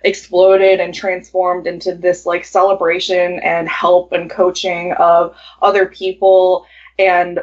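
A woman calling in as guest co-host, upbeat and quick to laugh. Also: lowish voice. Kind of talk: casual chat. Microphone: calling in remotely. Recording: dull call-in audio.

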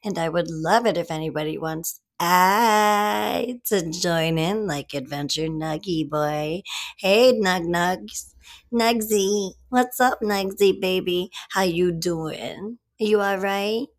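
A young woman hosting a casual livestream from home, greeting viewers by name with slow, drawn-out, giggly chatter into her phone. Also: on the low side. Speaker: livestream host.

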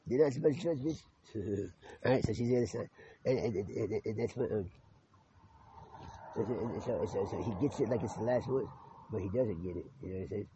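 A man with a lowish, dark-toned voice rambles briskly through a spoken monologue, repeating words, restarting often and swearing freely. The recording is muffled and lo-fi, with clearly audible background noise.

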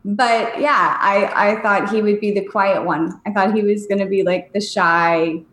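A woman in her thirties co-hosting a casual podcast chat, an animated storyteller who talks about her children. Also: measured pace. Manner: animated storyteller, jumps high for quoted voices. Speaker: podcast co-host. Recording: roomy echo.

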